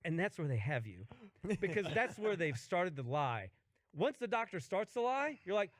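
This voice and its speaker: A man's voice: sits high, big pitch swings, normal speed, no room sound. A man telling a comic story in casual chat, ranting and swearing, acting out other people's voices.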